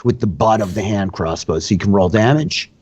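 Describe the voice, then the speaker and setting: A young man running a tabletop game as dungeon master and host, explaining rules in a relaxed way with lots of fillers. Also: lowish voice, a little fast, breathy edge.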